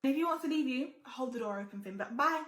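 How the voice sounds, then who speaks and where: Fast-talking and animated, a woman in her twenties with a high, slightly bright voice gets ready on camera as a lifestyle vlogger. She gives blunt, emphatic advice and swears freely, with a roomy sound and soft music in the background.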